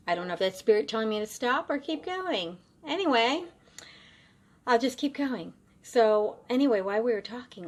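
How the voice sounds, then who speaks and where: A woman, a psychic medium, casually telling a personal story to camera and acting out both sides of conversations. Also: fairly low pitch. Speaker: psychic medium and former bartender.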